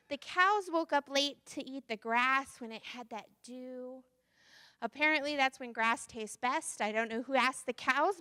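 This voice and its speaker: A woman's voice: high voice, bright, forceful tone, dry recording, clean studio sound. A woman minister telling a playful children's story during a church service. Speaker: interim minister. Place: church sanctuary.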